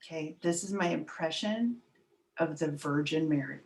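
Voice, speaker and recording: A woman doing a stand-up comedy set on a video call, with a wry, self-mocking delivery and drawn-out punchlines. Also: sits low, creaky, darkish tone.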